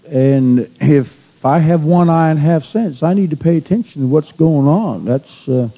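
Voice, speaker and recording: Folksy preacher man, high and sharp. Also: measured pace, rough recording. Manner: folksy storytelling preacher, rising to fervent exhortation. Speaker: pastor. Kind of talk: sermon.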